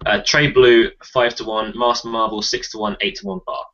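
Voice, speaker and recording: Male host for a loose panel chat, bright tone, slightly dull recording. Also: medium pitch, expressive, moderate pace, vocal fry. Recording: muffled audio with faint hiss.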